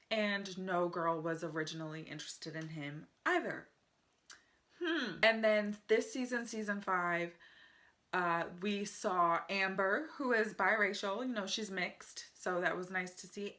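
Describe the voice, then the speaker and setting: A woman's voice: medium pitch, fairly bright tone. A young American woman vlogging casually at home, chatty and enthusiastic, often laughing as she talks to the camera. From United States. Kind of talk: casual vlog review.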